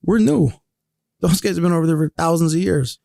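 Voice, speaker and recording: A man's voice: on the high side, brisk, vocal fry, warm tone, dry recording, studio quality. A man who is an army veteran, a podcast guest talking bluntly and casually and swearing freely. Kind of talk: casual chat. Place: podcast studio.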